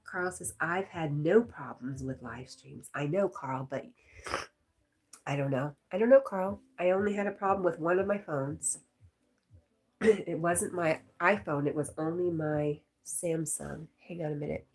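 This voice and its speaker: A woman's voice: sits low, unhurried. A woman hosting a casual live stream, reading viewer comments aloud and chatting with a laugh.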